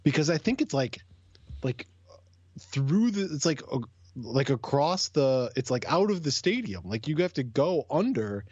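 Brief: male podcast co-host, animated and jokey, husky, dry close mic. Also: medium pitch, a little slow, dry recording, muffled recording. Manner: animated, jokey, trails off mid-sentence. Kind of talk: casual chat.

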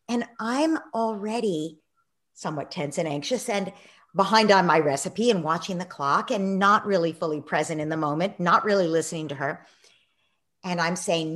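A middle-aged woman telling a story in a conversation, acting out quoted voices and sinking to a soft near-whisper in reflective moments. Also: lowish voice, animated, measured pace. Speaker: guest, parenting author.

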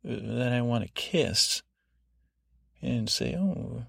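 A man with a gravelly, fry-edged voice rambles through a sleep podcast recap. He wanders off-track into self-deprecating asides and keeps restarting his sentences. The sound is dry and close. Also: mid-range voice, measured pace, no echo. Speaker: podcast host.

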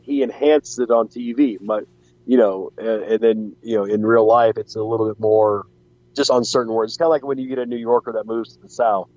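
Laid-back man with a dull, mellow sound. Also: fairly low pitch, no echo. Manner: joking, rambling with restarts and giggles. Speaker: podcast co-host. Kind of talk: casual wrestling chat.

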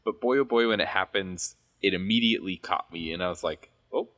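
A man co-hosting a podcast, chatting casually and telling stories with animated asides. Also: low voice, a little fast. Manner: chatty, animated storytelling with laughs. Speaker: podcast co-host. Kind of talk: casual chat.

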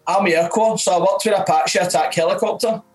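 A man's voice: sits high, racing, soft background music, rough recording. A Scottish man in his thirties, a comedian chatting casually on a podcast, laughing often and swearing freely. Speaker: comedian guest.

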